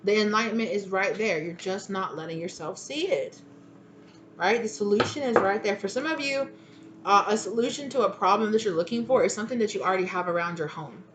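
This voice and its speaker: A woman's voice: mid-range voice, fairly quick, noisy background. A woman giving a casual spoken tarot reading, rambling and chatty, with many fillers and restarts. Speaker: tarot reader.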